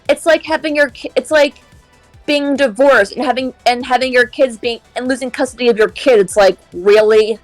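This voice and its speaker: A woman's voice: high voice, no echo. A woman streaming a game and chatting casually, airing strong opinions in a ranting way. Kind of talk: casual chat while gaming.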